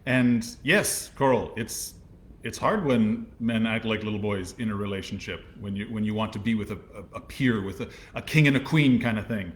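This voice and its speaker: Low-ish man co-host, calm and thoughtful, kinda stumbles into his points. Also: normal speed. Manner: calm, reflective, with small restarts. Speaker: podcast co-host. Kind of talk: casual chat.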